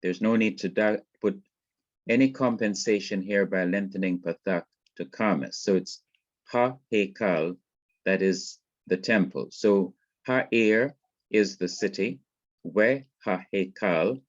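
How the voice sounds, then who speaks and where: A man teaching a Hebrew grammar lesson, explaining step by step in a slow, methodical way and often repeating words as he goes. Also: low voice, no room sound. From Jamaica. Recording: dry, dull lo-fi recording.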